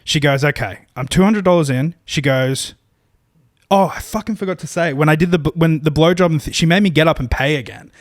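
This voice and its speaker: A man's voice: on the high side, fairly quick, no room sound, clean studio sound. A man co-hosting a podcast, telling a long, rambling, self-deprecating story in a casual, profane way, full of restarts. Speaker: podcast co-host.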